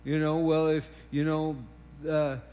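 Slow, higher-voiced male preacher. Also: completely flat delivery, dark tone. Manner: emphatic, drawn-out preaching with repeated phrases and interjections. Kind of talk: sermon.

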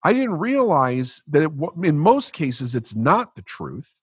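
Man, husky, dry close sound; blunt, animated, swears freely. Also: a little high, a little slow, no room sound. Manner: blunt, profane, animated storytelling. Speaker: podcast guest. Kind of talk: storytelling in conversation.

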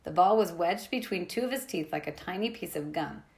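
A woman reads a novel aloud in a plain, unpolished way and sometimes stumbles and restarts a word. Her voice is fairly low with a gravelly creak running through it. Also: animated, fairly quick. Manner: plain reading with small slips and restarts. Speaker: reader.

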